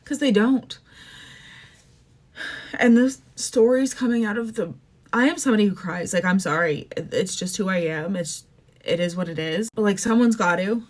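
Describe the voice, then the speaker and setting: A woman's voice: medium pitch, darkish tone. A young adult woman from Canada hosting a podcast, ranting casually and with emotion, full of "like" and "um". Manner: emotional, fast-shifting, says "like" and "um" often. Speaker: podcast host. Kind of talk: casual opinion rant.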